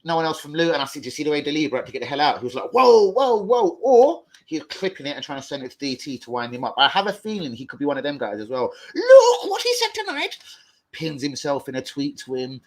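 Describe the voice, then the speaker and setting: Excitable young man. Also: mid-range voice, rapid-fire, few pauses. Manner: excitable slang-heavy banter, swearing. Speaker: livestream host. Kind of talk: casual live stream chat.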